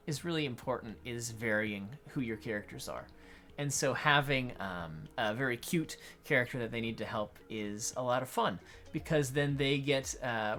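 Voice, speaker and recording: A man acting as a game master, explaining adventure design in an unhurried tutorial talk while thinking aloud. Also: medium pitch, fairly bright tone.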